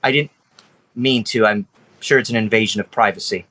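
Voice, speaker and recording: A man's voice: on the low side, fairly quick, bright, forceful tone, slight background noise. A man voicing a timid young female siren who guards a garden, pleading and apologetic.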